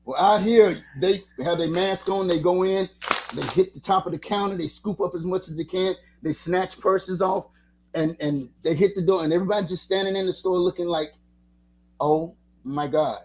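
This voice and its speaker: Older man in his 70s, animated storyteller, casual radio guest, fairly high voice. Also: moderate pace, a little hiss or hum. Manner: animated storyteller, slips into impressions. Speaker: guest musician.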